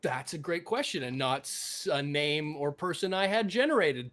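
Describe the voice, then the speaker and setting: A man's voice: fairly high pitch, animated, normal speed, few pauses, fairly bright tone. A man narrating a tabletop role-playing game as game master, rambling with many restarts.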